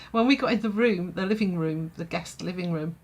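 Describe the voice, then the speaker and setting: A woman's voice: lowish voice, normal speed. Chatty woman telling a story. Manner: chatty, laughs often, many fillers. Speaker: vlogger. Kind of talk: storytime vlog.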